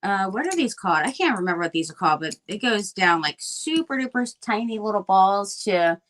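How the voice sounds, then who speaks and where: A woman's voice: mid-range voice, expressive, fairly quick, fairly bright tone. A middle-aged woman chatting casually while she crafts live, rambling with many fillers and restarts. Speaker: crafting livestream guest.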